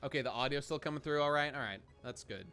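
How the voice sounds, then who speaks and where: A man's voice: mid-range voice, quick pace, pushed and bright, soft background music. A man streaming a game and chatting with his viewers in a rambling, profane way, often restarting his sentences. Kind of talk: casual live-stream commentary.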